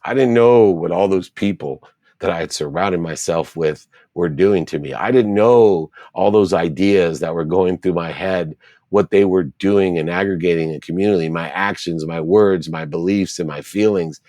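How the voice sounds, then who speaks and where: A man's voice: deep voice, normal speed, dark tone, no echo. A middle-aged man, an interview guest, telling a personal story earnestly and repeating phrases for emphasis.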